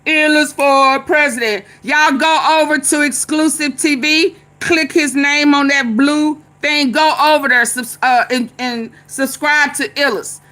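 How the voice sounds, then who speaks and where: A woman's voice: high voice, fairly even intonation, measured pace, few pauses, pushed and bright. A woman vlogger giving casual, chatty political commentary, laughing often and chanting refrains.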